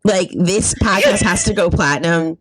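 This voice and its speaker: A woman's voice: lowish voice, normal speed, no echo, rough recording. A woman telling a comic story on a podcast, acting out voices and laughing often. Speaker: podcast guest comedian. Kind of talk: casual storytelling chat.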